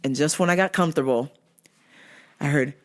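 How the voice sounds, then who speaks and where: A woman's voice: sits low, moderate pace. A woman hosting a podcast, telling a story in a blunt, profane, casual way and laughing as she goes. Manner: animated, blunt and swearing, laughing through the telling. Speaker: podcast host.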